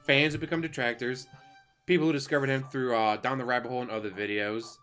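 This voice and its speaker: A man's voice: mid-range voice, fairly even intonation, fast, a bit bright. A man ranting casually on a live stream, swearing a lot, laughing often and mocking the people he talks about. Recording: faint music behind.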